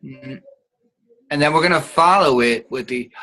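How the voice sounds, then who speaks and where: A man's voice: a little high, a little slow, bright, forceful tone, rough recording. A man teaching an online acting class, guiding students patiently and showing each sound with hums.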